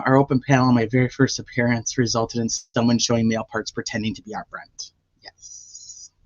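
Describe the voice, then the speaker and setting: A man's voice: medium pitch, a bit bright, no echo, highs cut off. A man hosting a casual livestream and chatting with viewers, with a sore throat. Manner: chatty, greets viewers by name. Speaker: livestream host.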